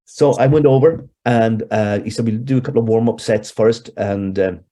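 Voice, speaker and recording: Brief: Irish man, 60s, warm husky voice, rambling interview storyteller. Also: fairly low pitch, normal speed. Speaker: hypnotherapist guest.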